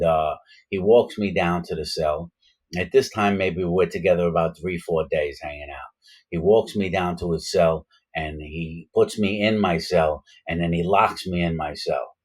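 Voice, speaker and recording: A man with a very low, deep voice tells a personal story in a loose, casual way. He rambles, restarts his sentences and leans on fillers, and he gets louder and more worked up as the story builds. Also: moderate pace, rough recording.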